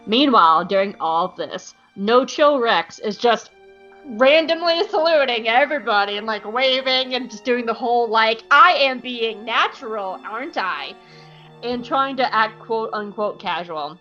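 Playful woman podcast host, swears freely, somewhat high voice; faint music under lo-fi sound. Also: animated, moderate pace, fairly bright tone. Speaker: podcast host recapping an episode. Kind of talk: casual chat.

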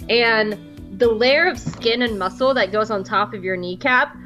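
A woman in her late twenties telling a story on a podcast in a casual, animated way, with lots of fillers and restarts. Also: a little high, normal speed, soft background music, rough recording. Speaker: podcast co-host.

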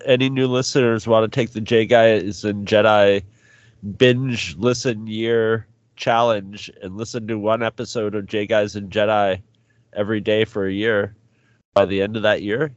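A man's voice: fairly low pitch, no echo, highs cut off. A man co-hosting a podcast in casual chat, wry and joking. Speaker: podcast co-host.

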